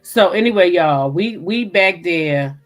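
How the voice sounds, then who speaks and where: A woman's voice: lowish voice, lively intonation, slow pace, soft background music. A woman hosting a casual livestream recap, chatting loosely, greeting viewers by name and cursing freely. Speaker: host.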